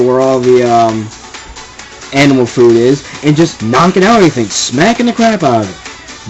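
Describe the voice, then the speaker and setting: A man's voice: fairly high pitch, darkish tone, poor audio. A young man ranting casually and with exasperation, rambling and repeating himself. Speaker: vlogger ranting. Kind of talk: casual rant to camera.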